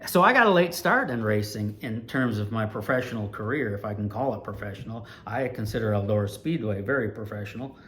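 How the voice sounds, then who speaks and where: A man in his sixties from Ohio, an animated storyteller recalling his years as a race announcer. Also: fairly low pitch, fairly quick, hardly any pauses, a little hiss or hum. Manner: animated, lively storyteller with big swings in loudness. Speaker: retired dirt track race announcer, channel host.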